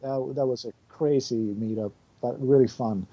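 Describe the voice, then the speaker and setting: Male guest, non-native English speaker, animated storyteller, laughs a lot, mid-pitched voice. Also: moderate pace, dull audio. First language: not English. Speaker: music composer, guest. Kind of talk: casual podcast chat.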